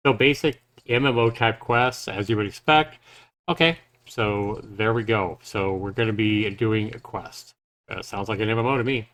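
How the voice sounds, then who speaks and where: A man's voice: on the low side, moderate pace, fairly bright tone. A man giving casual live reaction commentary on a game trailer, thinking aloud in a loose, rambling way.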